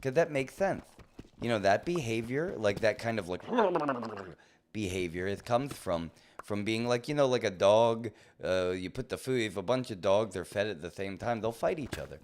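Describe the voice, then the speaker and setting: A man streaming a game live, chatting and ranting playfully with mock indignation and sudden excited outbursts. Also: moderate pace. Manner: jumps to high excited outbursts. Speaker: livestreamer. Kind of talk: live gameplay commentary.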